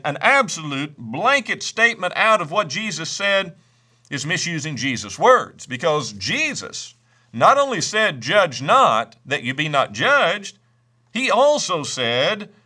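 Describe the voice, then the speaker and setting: A man preaching a sermon, emphatic, slowing down to stress each scripture quote he reads. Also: high voice, pushed and bright. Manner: reads scripture in old-fashioned wording.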